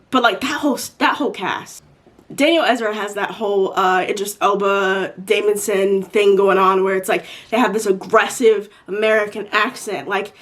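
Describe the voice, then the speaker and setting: A woman's voice: mid-range voice, a bit bright. Chatty young woman rambling casually. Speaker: vlogger answering viewer questions. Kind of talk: casual chat.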